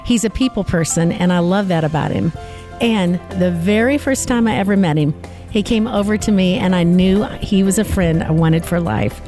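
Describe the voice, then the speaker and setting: A woman hosting an interview show, warm, effusive and teasing with her guest. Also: lowish voice, normal speed, soft background music. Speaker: show host.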